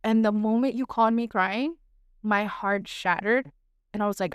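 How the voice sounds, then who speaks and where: Earnest young woman, smooth and candid. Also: mid-range voice, moderate pace, no room sound, studio quality. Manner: earnest, candid, talks in long flowing runs with frequent "like" and "right?". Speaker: podcast host. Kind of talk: casual heartfelt conversation.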